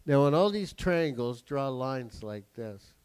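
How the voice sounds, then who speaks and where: A man's voice: medium pitch, animated, clean tone, rough recording. Profane man doing stand-up. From Canada. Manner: profane, swings between quiet asides and sudden shouts; acts out family members in quick voices. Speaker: comedian and cartoonist. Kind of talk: stand-up comedy with a drawing lesson. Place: theatre stage with a live audience.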